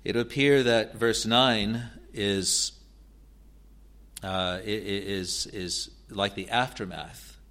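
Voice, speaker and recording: Low-voiced man in halting Bible teaching. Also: pushed and bright. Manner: halting, with frequent restarts and repeated words; reads scripture passages aloud with rising emphasis.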